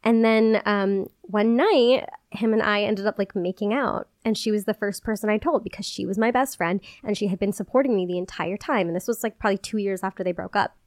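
A woman's voice: mid-range voice, dry recording, studio quality. A woman hosting a podcast alone, talking casually and chattily, peppering her speech with "like". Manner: chatty, peppered with "like", quick bursts and giggles. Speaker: podcast host. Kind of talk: casual solo podcast chat.

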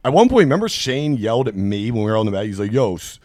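A man telling crude, animated anecdotes on a podcast and acting out the people in them. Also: fairly low pitch, fast talker, no room sound, clean studio sound. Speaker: podcast host. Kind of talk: casual storytelling chat.

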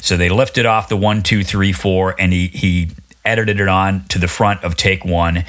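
Low-voiced man hosting a podcast. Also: normal speed. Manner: relaxed, reads quotes aloud, asks guests questions. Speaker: podcast host. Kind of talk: casual music podcast chat.

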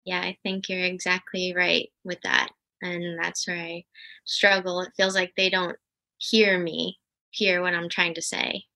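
Bright-toned woman caller. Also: fairly low pitch, little pitch movement, a little slow, gravelly. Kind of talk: advice call conversation.

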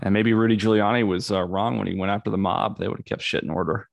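A man with a fairly low, gravelly voice talks as a podcast guest, laid-back and crude in casual chat. The recording is dry and close. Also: fairly even intonation, quick pace, no echo, lo-fi sound.

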